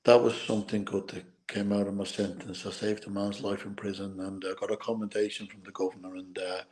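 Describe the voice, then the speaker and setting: A middle-aged Irish man, a former boxer, telling stories in an interview, halting and repeating words, tearful at times. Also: on the low side, level tone, a little mellow, rough recording. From Ireland. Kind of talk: emotional storytelling interview.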